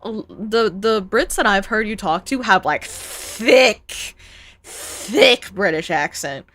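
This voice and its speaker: A young woman chats loosely on a live stream, thinking out loud and reading comments back to her viewers. She laughs easily and trails off into asides. Her voice sits at an ordinary pitch for a woman. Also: slow, dry recording. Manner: chatty, thinks aloud, laughs often, reads chat. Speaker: streamer reacting to videos. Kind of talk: casual live-stream chat.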